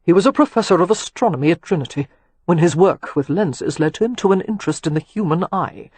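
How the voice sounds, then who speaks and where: A woman reading a romance novel aloud in measured, even scripted narration. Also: on the low side, husky, dry recording. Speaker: audiobook narrator.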